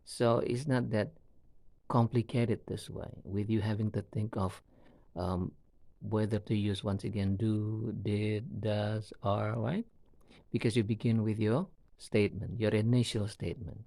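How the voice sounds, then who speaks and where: A man teaching an English lesson on video, talking slowly and often checking in with "all right?". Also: fairly low pitch, little pitch movement, gravelly, dark tone, dry recording.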